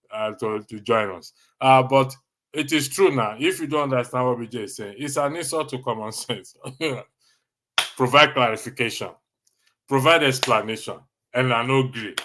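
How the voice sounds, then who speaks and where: A man with a Nigerian accent hosting a casual livestream, answering chat comments and chuckling often in a teasing, animated way. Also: mid-range voice, moderate pace. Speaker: livestream host.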